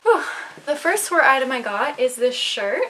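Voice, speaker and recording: A young adult woman showing off her recent purchases in a casual vlog at home, chatty and excitable, a little out of breath. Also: high-pitched, normal speed. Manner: chatty, excitable, rambling with fillers. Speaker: vlogger. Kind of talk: casual show-and-tell haul video. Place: home, indoors.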